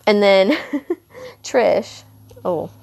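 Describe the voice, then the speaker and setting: A young woman hosting a podcast, telling a casual story in a rambling way, correcting herself often and filling pauses with um and you know. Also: medium pitch, gravelly, darkish tone, a little hiss or hum. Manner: rambling, self-correcting, lots of fillers and asides. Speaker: podcast host.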